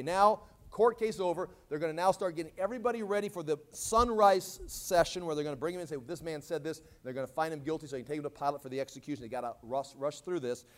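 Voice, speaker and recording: A man with a high-pitched voice preaches through scripture in a casual, conversational way. He keeps breaking into animated voices for the people in the story, now loud and stretched, now dropping low and quiet. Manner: animated, acts out quoted lines with big swings in pitch and volume. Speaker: Bible teacher. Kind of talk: expository sermon.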